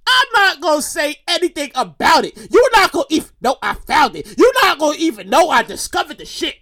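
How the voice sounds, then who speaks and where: Woman vlogger, high and swooping voice, profane exasperated rant, shouts often. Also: big pitch swings, a little fast, few pauses, no echo, studio quality. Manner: acts out others in quoted voices. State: getting breathless, pausing to calm down. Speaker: commentary vlogger. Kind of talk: ranting comedic news commentary.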